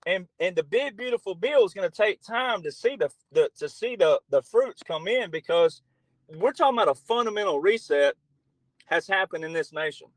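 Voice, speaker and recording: A middle-aged man speaks as a podcast guest in a fairly high voice. He is blunt and emphatic and swears freely. His voice is recorded close on a dry mic with no room sound. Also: expressive, normal speed, dry recording, low-quality recording. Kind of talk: political talk show conversation.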